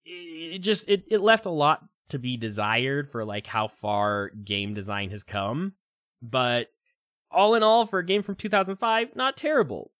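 A young man talks games in a loose, animated way, tripping over his words and laughing often. His voice is bright and pushed forward. The sound is dry and close. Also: fairly high pitch, dry recording. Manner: animated, halting, lots of restarts and laughs. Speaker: game review podcast co-host. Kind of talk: casual chat.

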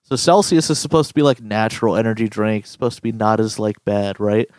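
A young man co-hosting a podcast, telling profane, animated stories and acting out goofy quoted voices. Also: fairly low pitch, brisk, dry recording, clean studio sound. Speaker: podcast co-host. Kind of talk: casual podcast banter.

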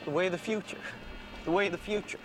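A man's voice: sits high, steady tone, fast talker, natural voice. An actor playing an obsessive man who keeps repeating one phrase in a compulsive loop, in a film clip. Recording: film audio with music underneath.

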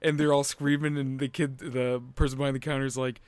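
Male co-host, casual and jokey, mid pitch, dead dry room. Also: fairly quick, hardly any pauses, no room sound. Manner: excitable, joking, laughs often, swears. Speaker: wrestling podcast co-host. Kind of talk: casual chat recapping a wrestling event.

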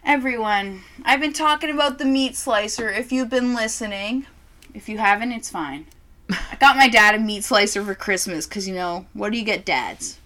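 A woman's voice: mid-range voice, moderate pace. A woman co-hosting a casual podcast, telling stories dramatically and swearing freely. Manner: swears freely, dramatic storytelling with shouted impressions. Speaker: podcast co-host reviewing drinks. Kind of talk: casual chat.

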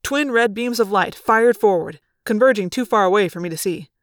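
A woman narrating a novel in first person with a plain, even telling. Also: mid-range voice, normal speed, few pauses. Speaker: audiobook narrator. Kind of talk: storybook narration.

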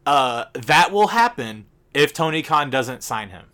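A man's voice: medium pitch, big pitch swings, measured pace, sharp tone. A man co-hosting a podcast, blunt and emphatic, swearing casually as he talks. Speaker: podcast co-host.

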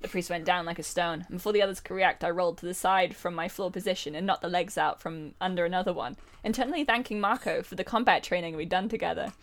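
A woman's voice: lowish voice, steady tone, fast, few pauses. A woman reading a novel aloud as a comedy bit, often breaking into laughter. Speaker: reader.

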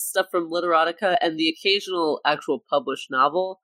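A woman's voice: low-pitched, a little fast, a bit bright, no echo. A woman co-hosting a casual comedy podcast who reads silly excerpts aloud and keeps trying not to laugh. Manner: giggly, tries not to laugh while reading. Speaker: podcast co-host.

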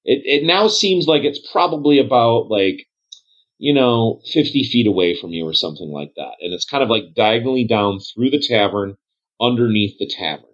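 A man narrating as game master in a tabletop role-play game, rambling and pausing to search for words. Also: medium pitch, expressive. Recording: dull lo-fi sound.

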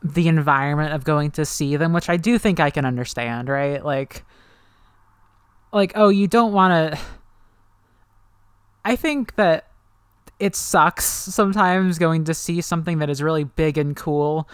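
Giggly, chatty woman with a smooth voice. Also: low-pitched, measured pace, pauses often, no room sound, studio quality. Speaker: podcast co-host. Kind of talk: casual book discussion chat.

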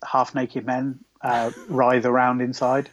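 A man co-hosting a casual podcast, teasing his partner wryly with halting restarts. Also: mid-range voice, little pitch movement, a crowd in the background. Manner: wry, teasing, hesitant restarts. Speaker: podcast co-host. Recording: slightly dull, dry.

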